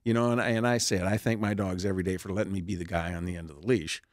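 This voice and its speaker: Man, interview guest, low voice, dry close sound, storytelling with fillers and restarts. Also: steady tone, racing, no room sound. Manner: warm anecdotal telling with many fillers and restarts. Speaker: author and therapy dog charity founder.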